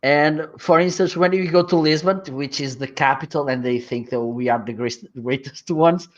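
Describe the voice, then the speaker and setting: A man from northern Portugal speaks English with his Portuguese accent. He explains at an easy pace and pauses on frequent fillers. The sound is dull and lo-fi. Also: a little high. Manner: hesitant, explaining with many fillers. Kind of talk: casual chat.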